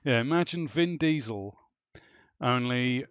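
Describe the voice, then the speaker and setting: A man's voice: mid-range voice, animated, unhurried, clear, resonant tone, no echo. A man hosting a casual podcast panel chat, rambling and jokey with laughing asides, on a dry, dull, lo-fi recording. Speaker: podcast host.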